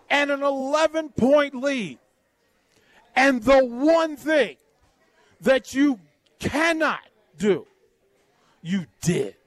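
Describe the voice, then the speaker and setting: A man on a sports radio show, ranting in an animated, sarcastic, exasperated way with vivid comparisons. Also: extremely high pitch, dry recording. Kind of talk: fired-up sports talk.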